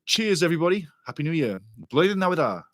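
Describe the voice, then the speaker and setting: An older man from Wales hosting a football watchalong stream, chatting casually, joking and reading out viewer comments, now and then breaking into excited shouting. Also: on the high side, quick pace, dry recording. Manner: excitable, jokey, bursts into shouting.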